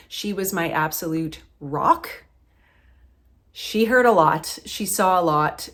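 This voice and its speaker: A woman's voice: on the low side, a bit bright. Emotional, chatty woman vlogger. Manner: heartfelt, getting emotional, chatty with many fillers. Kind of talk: casual chat to camera.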